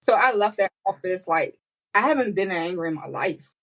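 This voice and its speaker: A woman guest on a podcast, telling a personal story with animated quoted voices and frequent laughter. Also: moderate pace, low-quality recording. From United States. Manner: animated, acts out quotes with high pitch, laughs often. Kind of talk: emotional storytelling interview.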